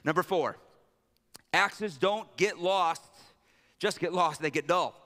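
A male pastor preaching a sermon. He swings between loud, emphatic peaks and low, intimate stretches. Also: slow pace, big-room sound.

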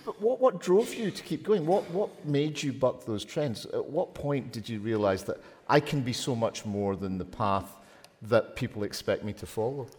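A man hosting an interview, asking probing questions in a playful, lively way. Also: mid-range voice, normal speed, hardly any pauses. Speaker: podcast host, writer. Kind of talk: conversational interview. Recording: long reverberant hall sound.

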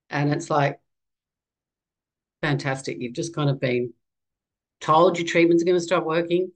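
A woman's voice: low-pitched, a little slow, pauses often, poor audio. Candid Australian woman telling her story. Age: 50s. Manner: candid and animated. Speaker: guest. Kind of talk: conversational storytelling.

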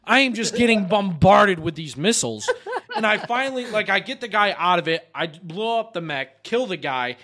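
A young man in casual podcast chat, an animated storyteller who swears often and laughs mid-sentence. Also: high voice, normal speed. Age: young adult. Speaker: podcast host.

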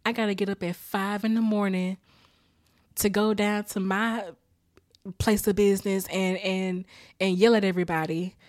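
A woman's voice: medium pitch, normal speed, no echo, studio quality. Laughing, profane woman recapping a sitcom. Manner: profane, laughs often, animated storytelling. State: tired after a rough weekend. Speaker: podcast host recapping a sitcom. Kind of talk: casual chat recap.

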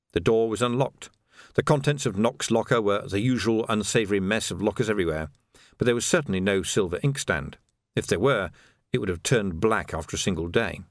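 A man narrating an audiobook in a wry, lively manner, each character given its own voice. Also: fairly low pitch, moderate pace, dry recording, studio quality.

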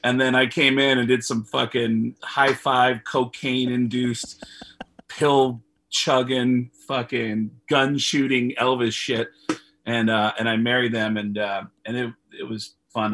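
Husky-voiced man telling a story. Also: medium pitch, a little slow. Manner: profane, animated, laughs often, many fillers. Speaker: comedian guest. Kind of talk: casual storytelling. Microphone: video call.

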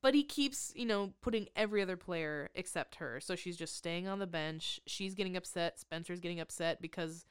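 A woman co-hosting a podcast, talking through a movie plot in a casual, sarcastic way and swearing now and then. Her voice is smooth and clear, and the room sounds dry and close. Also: fairly low pitch, a little fast, few pauses, no echo. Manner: sarcastic, swears, animated recapping. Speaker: podcast co-host. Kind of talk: casual movie recap chat.

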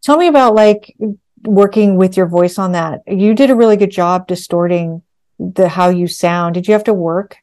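Female podcast host, warm mellow tone, chatty and curious. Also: fairly low pitch, normal speed. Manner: chatty, thinks aloud with fillers. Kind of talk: casual interview questions.

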